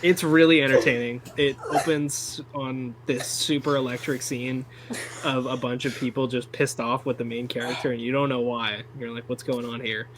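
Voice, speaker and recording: A young man co-hosts a casual film chat in an even mid-range voice. He rambles with enthusiasm and swears freely. A faint hum sits under the recording. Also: medium pitch, normal speed. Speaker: podcast co-host.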